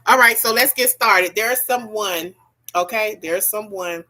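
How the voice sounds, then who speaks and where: An unhurried woman with a mid-range voice and a sharp tone gives a spiritual reading. Casual and folksy yet preachy, she repeats herself and frequently asks "okay?"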